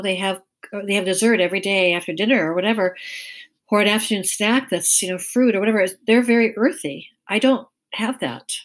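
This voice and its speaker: A middle-aged woman with a soft, gentle voice, a guest chatting casually in an interview and telling stories with frequent laughs. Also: mid-range voice. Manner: chatty storyteller, laughs often. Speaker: guest, Chinese medicine practitioner.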